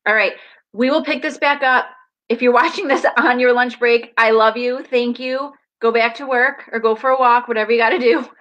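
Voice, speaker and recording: This is a woman on a live video, sharing parenting advice directly with her viewers. Her voice sits a little high, and her delivery is animated and emphatic. She speaks warmly to the camera, as if chatting with parents at home. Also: moderate pace, highs cut off. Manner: animated, emphatic, acts out family dialogue.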